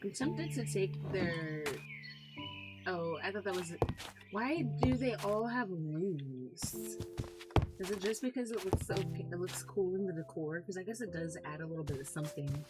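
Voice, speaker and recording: Woman, streamer, casual gameplay chat, low-pitched, very lively intonation, laughs easily. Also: measured pace, loud music behind the voice. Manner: chatty, talks to viewers, laughs easily.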